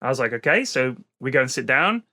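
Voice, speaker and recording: Fast, bright-voiced British man. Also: medium pitch. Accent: British English. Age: adult parent. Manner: animated, exasperated storytelling with swearing. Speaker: podcast co-host. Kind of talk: storytelling on a comedy podcast.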